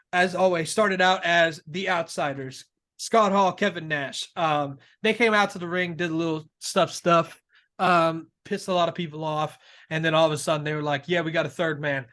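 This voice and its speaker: Excitable man gushing with a bright voice. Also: high-pitched. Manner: excitable, gushing, quick to laugh. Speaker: co-host. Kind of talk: casual wrestling talk.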